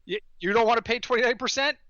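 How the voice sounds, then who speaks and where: A man co-hosting a sports podcast, talking casually with animated, wry storytelling and the odd rant. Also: extremely high pitch, fast talker, highs cut off. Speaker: podcast co-host.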